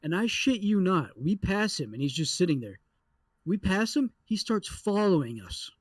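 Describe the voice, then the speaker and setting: A young adult man co-hosting a podcast, telling a story in a casual, animated way with lots of swearing. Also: high-pitched, normal speed, dry recording. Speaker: podcast co-host.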